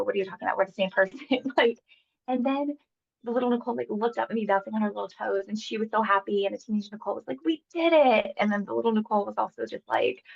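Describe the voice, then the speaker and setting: A woman in her thirties speaks openly and emotionally as an interview guest, wandering through her thoughts with plenty of filler words. Her voice has a gravelly, fried edge. The recording is somewhat dull and lo-fi. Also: mid-range voice. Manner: emotional, rambling with many likes. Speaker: hypnosis client guest. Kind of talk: candid conversational interview.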